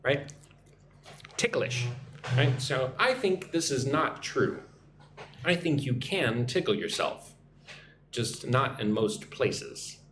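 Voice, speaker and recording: An American man leads a live English lesson, slowing down to drill words and tagging "right?" onto his points. His intonation rises and falls a lot, and his voice rings in a slightly echoey room with a faint hiss behind it. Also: medium pitch, big pitch swings, fairly bright tone. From United States. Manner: drills pronunciation slowly, asks "right?" constantly. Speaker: English teacher on a livestream.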